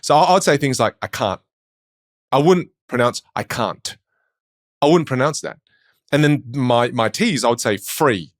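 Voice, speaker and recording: A man with an Australian accent, a speech coach talking in a podcast interview with quick, emphatic storytelling. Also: mid-range voice, lively intonation, no echo, clean studio sound.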